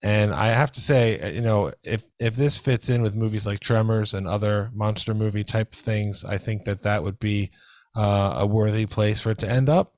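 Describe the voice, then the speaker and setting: A man's voice: on the low side, normal speed, darkish tone, no echo, studio quality. A man co-hosting a film review podcast, talking casually and enthusiastically with many restarts. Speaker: podcast co-host reviewing films. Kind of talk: casual chat.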